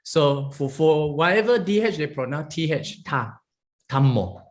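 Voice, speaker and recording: A man's voice: on the high side, moderate pace. A man teaching a beginner Pali lesson as a monk, drilling sounds one at a time, checking in with "okay?" and chuckling as he goes. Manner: chuckles often while explaining.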